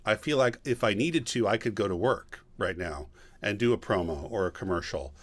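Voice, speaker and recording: A man, a guest voice actor and voice director, answering a question on a video call in a relaxed storytelling way, pausing with ums and clearing his throat. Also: on the low side.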